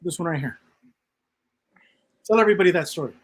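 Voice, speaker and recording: A man in casual conversation who keeps the talk moving with short affirmations and gentle prompts. His voice is a little higher than most men's. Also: a little fast, husky. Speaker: co-host prompting stories.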